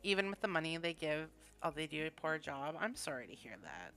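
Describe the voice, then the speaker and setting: Chatty woman with a bright voice. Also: deep voice, sing-song, a little fast, faint music behind. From Canada. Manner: rambling, chatty, laughs often. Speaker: gaming streamer. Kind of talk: casual chat while building in a video game.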